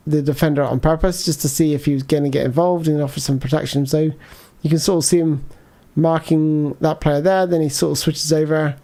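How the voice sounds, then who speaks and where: Male livestreamer, slightly raised pitch; loose, meandering play-by-play and chat replies. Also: dark tone. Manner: rambling, thinks aloud, reads out viewer chat. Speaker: gaming livestreamer. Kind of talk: casual live gameplay commentary.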